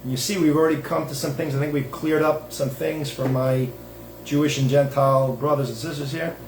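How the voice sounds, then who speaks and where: A man's voice: a little high, fairly even intonation, fairly quick. A man hosting a show as a self-styled rabbi, talking in an emphatic, digressive way with many restarts while reading and commenting. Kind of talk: rambling religious monologue with reading aloud. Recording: echoey room with faint background noise.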